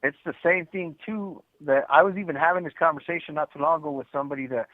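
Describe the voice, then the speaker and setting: A man's voice: fairly high pitch, fast talker, no echo. A man calling in from prison, talking frankly in casual chat and cussing freely. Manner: frank and streetwise, cusses freely. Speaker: incarcerated caller. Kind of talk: casual chat over a prison phone call. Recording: tinny prison phone line.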